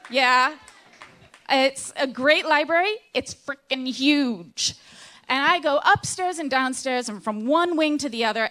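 A woman with a fairly high voice tells a comic story live to an audience. She is animated and self-deprecating, and her pitch rises and falls as she builds to the punchlines. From Seattle.

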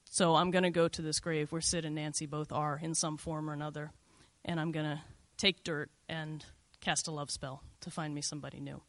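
A woman's voice: deep voice, flat delivery, fairly quick, few pauses, no room sound. A middle-aged woman telling a first-person story in a candid, conversational way, full of "like" and "you know".

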